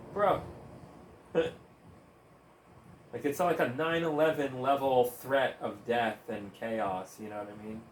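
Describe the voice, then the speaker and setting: A man's voice: medium pitch, slight background noise. Profane ranting man in a roomy echo. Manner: profane, heated, sarcastic, breaks into laughs. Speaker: gaming streamer. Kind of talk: ranting commentary while gaming. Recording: roomy echo, faint ambience.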